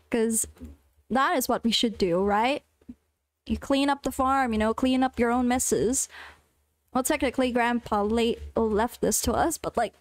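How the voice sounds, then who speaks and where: A young woman streaming a farming game, chatting casually with her viewers and squealing with excitement. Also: a little high, no echo.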